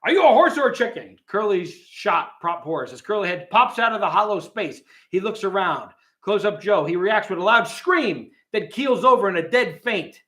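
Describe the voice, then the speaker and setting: Lively chuckling man reading a script. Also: high-pitched, moderate pace, few pauses. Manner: reads stage directions aloud and chuckles often. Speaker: host of a live stream. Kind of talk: casual live stream, reading a script aloud.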